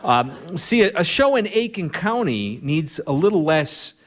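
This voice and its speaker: A man's voice: fairly high pitch, very animated, unhurried, fairly bright tone. A man with a Minnesota accent hosting a live radio show from a barn, telling dry, wry humorous stories full of small asides and fillers.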